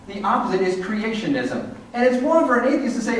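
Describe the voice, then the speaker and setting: A man's voice: high-pitched, a little fast, hardly any pauses, a little hiss or hum. A man giving a humorous, sarcastic lecture to an audience. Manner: sarcastic, animated. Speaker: speaker giving a talk to an audience. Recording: echoey hall, distant mic.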